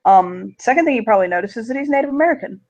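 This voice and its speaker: A game master narrating a tabletop game, giving halting, filler-heavy descriptions of scenes and characters. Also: mid-range voice, expressive, a little mellow, rough recording.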